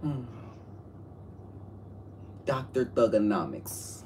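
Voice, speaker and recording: A man's voice: medium pitch, very animated, extremely slow, darkish tone, slight background noise. A man in joking banter, teasing and bossing his friend around playfully. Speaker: co-host.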